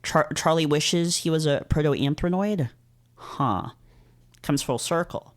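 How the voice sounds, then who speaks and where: Someone reads a visual novel aloud and comments on it casually, rambling and hesitant, full of fillers and restarts. The voice is mid-range and smooth, moving a little slowly.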